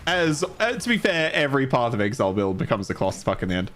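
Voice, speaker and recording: A man's voice: medium pitch, big pitch swings, quick pace, a bit bright. A man streaming a game casually, chatting with viewers and swearing now and then. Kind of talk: casual gameplay livestream.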